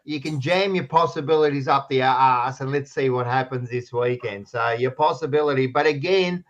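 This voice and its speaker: A man's voice: medium pitch, normal speed, muffled recording. An Australian man co-hosting a casual sports chat show, blunt and teasing, swearing freely. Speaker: co-host. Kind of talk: casual banter.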